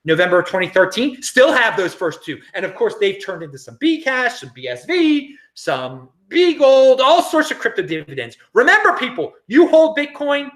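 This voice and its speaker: A middle-aged American man hosting a casual livestream, reading viewer comments in an animated, chatty way with frequent laughs and restarts. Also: very high-pitched, moderate pace, hardly any pauses. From United States. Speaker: crypto livestream host.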